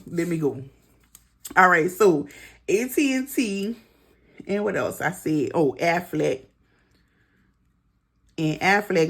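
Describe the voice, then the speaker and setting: A middle-aged woman talks through her monthly budget in an unhurried, drawn-out way, calling out figures and chatting to her viewers as she goes. Her voice sits on the lower side, and typing on a keyboard can be heard behind her. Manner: chatty, talks to viewers as girl and y'all while adding up figures. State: out of breath. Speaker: budgeting vlogger. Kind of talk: casual budget walkthrough.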